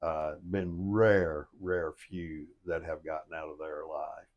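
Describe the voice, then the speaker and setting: A man's voice: rumbling low, flat delivery, a little slow, lo-fi sound. An older man telling a boating story in a folksy, plain-spoken and earnest way, as a motivational storyteller. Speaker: storyteller and life coach.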